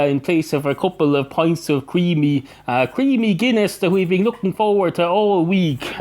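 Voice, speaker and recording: Brief: man playing a cat at the bar, high and indignant, sarcastic, comic storytelling. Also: lightly acted. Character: sarcastic male cat at a pub, stubborn.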